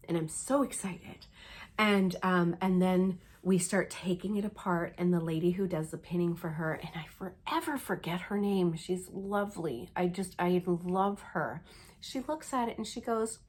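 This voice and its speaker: A cross stitch vlogger tells a story in a fairly low-pitched voice at a measured pace. Chatting casually, she acts out her own reactions and uses lots of fillers.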